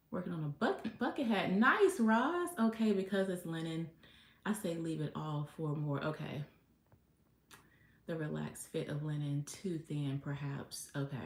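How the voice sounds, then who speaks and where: A woman hosting a casual sewing livestream, chatting to herself and reading viewer comments aloud as she works. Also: on the low side. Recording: echoey room with faint noise.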